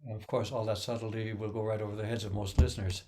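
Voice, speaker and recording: A man's voice: fairly low pitch, level tone, fast talker, warm tone. A man giving a casual music lesson, counting beats aloud and humming rhythms to explain metre. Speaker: music teacher.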